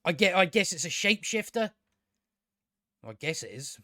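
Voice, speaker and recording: A man's voice: sits high, very animated, moderate pace, pushed and bright, no echo, clean studio sound. A man reviewing a TV episode in a rambling casual recap, sarcastic and profane, stumbling over restarts. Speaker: video reviewer.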